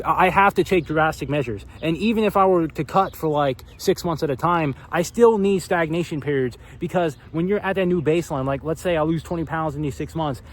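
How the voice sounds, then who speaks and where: A man's voice: on the high side, slight background noise. A young man vlogging in a casual, profane, filler-heavy rant. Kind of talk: casual ranting monologue.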